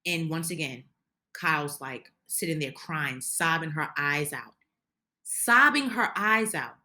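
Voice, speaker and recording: A woman's voice: deep voice, lively intonation, slow pace, bright, forceful tone. A woman giving an opinionated recap of a reality show, ranting heatedly and indignantly, often restarting her sentences. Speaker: reality TV commentator.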